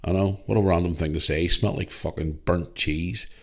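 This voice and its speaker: A man with a Northern Irish accent tells a story on his podcast, blunt and full of swearing. His voice is very deep and low. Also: fairly even intonation, moderate pace, fairly bright tone. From Northern Ireland. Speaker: podcast host. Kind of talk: casual storytelling.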